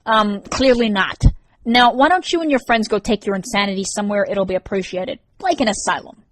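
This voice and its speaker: A woman's voice: medium pitch, fairly quick, no room sound, natural voice. A woman reading an audiobook, voicing a sardonic teenage boy who talks in a sarcastic, dismissive way. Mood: mocking.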